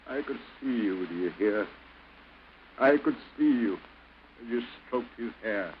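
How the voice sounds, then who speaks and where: A man's voice: medium pitch, animated, measured pace, narrow, tinny audio, close to an everyday voice. An actor playing a bitter husband who coldly refuses his estranged wife, with theatrical early film outbursts, on an old hissy soundtrack. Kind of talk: early 1930s film acting.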